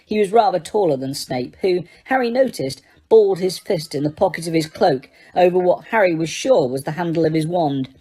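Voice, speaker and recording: A woman narrating an audiobook in a steady storytelling manner, with the odd small slip. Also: on the low side, fairly quick, hardly any pauses, husky. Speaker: audiobook reader.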